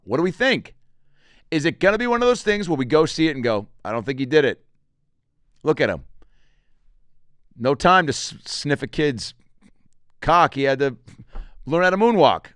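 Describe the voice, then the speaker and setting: Comic host, man, 30s, lively pitch, dry studio sound, storytelling monologue. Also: no room sound. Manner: animated storytelling, jumps into voices. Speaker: comedian host.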